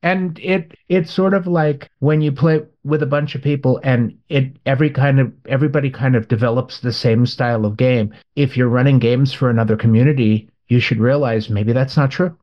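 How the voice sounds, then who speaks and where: A man's voice: mid-range voice, moderate pace, few pauses. A man co-hosting a podcast, telling a gaming story in casual chat and acting out the people in it. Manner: animated storyteller, acts out quoted voices. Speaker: podcast co-host. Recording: dull lo-fi sound.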